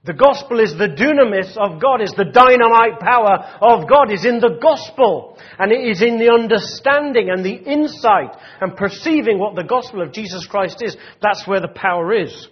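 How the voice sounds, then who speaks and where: Husky high-voiced male preacher. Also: animated, moderate pace, few pauses, highs cut off. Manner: conversational preaching with many restarts and "you know". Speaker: pastor. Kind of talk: sermon.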